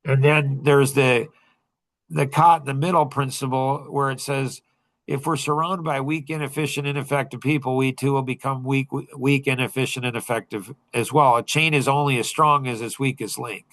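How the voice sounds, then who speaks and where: A man hosting a casual group chat, telling animated stories, his voice jumping high when he gets excited. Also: moderate pace. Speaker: host.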